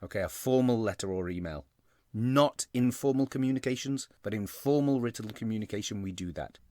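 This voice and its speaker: A male English teacher giving a recorded grammar lesson, explaining step by step and slowing down on key terms. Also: on the low side, warm tone, dry recording, studio quality.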